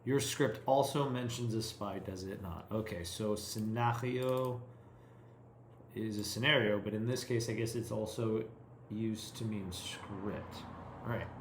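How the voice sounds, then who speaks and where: Slow, halting man reading aloud. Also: fairly low pitch, echoey room, a little hiss or hum. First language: English. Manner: slow, halting, thinks aloud and translates line by line. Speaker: French learner reading aloud. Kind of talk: self-recorded reading practice.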